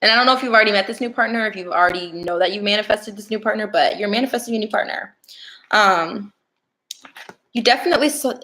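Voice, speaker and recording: A woman's voice: fairly high pitch, fairly bright tone. Chatty young woman reading tarot. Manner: chatty, playful, talks straight to viewers. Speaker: tarot reader. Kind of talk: casual livestream tarot reading.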